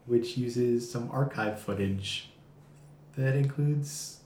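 A man co-hosting a podcast, chatting casually and reading out facts in a hesitant, low-key way. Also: takes it slowly, warm tone, a little hiss or hum. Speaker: podcast co-host. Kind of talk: casual chat. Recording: roomy echo.

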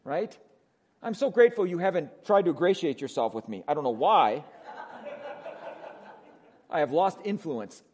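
Wisconsin pastor preaching, chatty and emphatic. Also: male voice, a little high, animated, normal speed, pauses often. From Wisconsin, USA. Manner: conversational preaching, asks "right?" often, swings from emphatic to hushed. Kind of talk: sermon.

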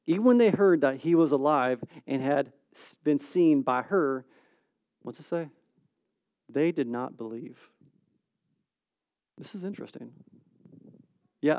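A man, a pastor, preaching a sermon in a casual, conversational way, acting out stories with quick swings between loud and hushed speech. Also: fairly high pitch, no room sound.

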